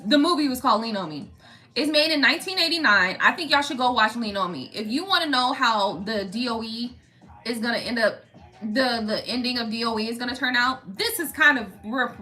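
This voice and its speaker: A woman hosts a casual tarot reading, chatting straight to her viewers and rambling from one thought to the next. Her voice sits a bit high and sounds clear and bright. Soft music plays faintly behind her. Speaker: tarot reader and channel host.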